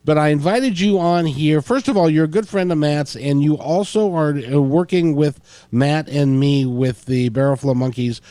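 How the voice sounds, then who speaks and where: A man's voice: on the high side, moderate pace, dark tone, dry recording. A man from Ireland hosting a radio interview, playful and joking with his guest. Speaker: radio host.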